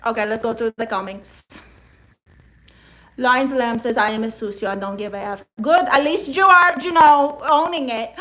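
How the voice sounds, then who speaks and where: A young woman from Puerto Rico and Guatemala doing a sassy comedic livestream, reading viewer comments in a loud, brash, exclamatory way and dropping Spanish slang. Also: a little high, normal speed, low-quality recording.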